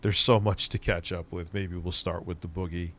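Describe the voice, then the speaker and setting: Blunt, swearing streamer man, low voice. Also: fairly even intonation, moderate pace, fairly bright tone, a little hiss or hum. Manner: blunt, sarcastic, swears freely. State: stoned, voice lower than usual. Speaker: streamer and tech commentator. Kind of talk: casual profane live-stream chat.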